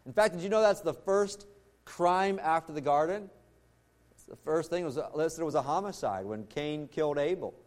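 A pastor preaching a sermon in an earnest way, slowing down and dropping low to stress his points. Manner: earnest preaching, slows and drops low for emphasis.

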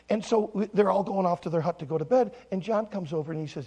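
A male pastor preaching a sermon in a church, telling a story with great animation, acting out voices, and swinging from soft hushes to loud exclamations. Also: high voice, fast, few pauses, breathy edge. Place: church sanctuary.

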